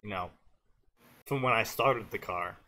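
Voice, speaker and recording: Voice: mid-range voice, unhurried, bright, forceful tone. A streaming co-host in casual voice chat who laughs often and swears freely. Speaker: podcast co-host.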